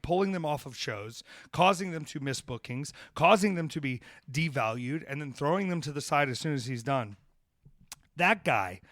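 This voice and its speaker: A professional wrestler co-hosting a podcast launches into a fired-up rant full of swearing, then shifts to casual road stories. His medium-pitched voice swings between shouted emphasis and hushed asides, and the studio sound is clean with no room sound.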